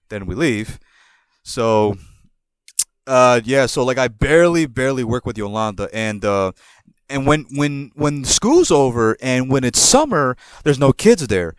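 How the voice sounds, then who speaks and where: A man in his twenties hosts a podcast and casually tells a personal story, rambling, repeating words and laughing at himself. His voice is medium-pitched, with no echo.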